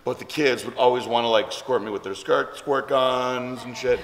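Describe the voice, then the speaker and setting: In an echoey room with long reverb, a vlog host rambles through a casual story, packing it with likes and ums. He speaks at a moderate pace in a mid-range voice.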